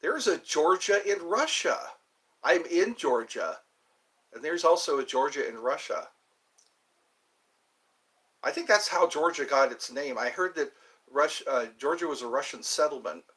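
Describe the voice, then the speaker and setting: A man's voice: fairly high pitch, expressive, measured pace, long pauses, a bit bright, rough recording. A man in his fifties from the United States, hosting a live stream and chatting in a meandering way, full of asides and restarts. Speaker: livestream host. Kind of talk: rambling live-stream chat.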